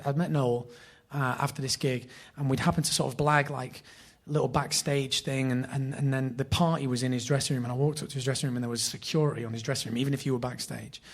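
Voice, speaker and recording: A man in his thirties with a Greater Manchester accent, telling lively, sweary anecdotes as a podcast guest. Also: mid-range voice. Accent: Northern English (Greater Manchester). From Bury, England. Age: 30s. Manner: animated storyteller, swears freely, laughs often. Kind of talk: casual chat, anecdotes.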